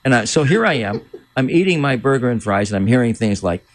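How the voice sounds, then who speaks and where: Man in his 60s, talk show guest, storyteller, laughs a lot, very lively pitch, dry close sound. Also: a little fast, no echo. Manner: animated, laughing, mimics voices in anecdotes. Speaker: guest, former entertainment reporter. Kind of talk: casual storytelling.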